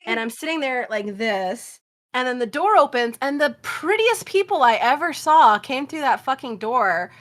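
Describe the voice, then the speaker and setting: A woman in her thirties, a podcast guest, telling stories in casual chat, animated and swearing, laughing often. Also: sits high, moderate pace. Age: 30s.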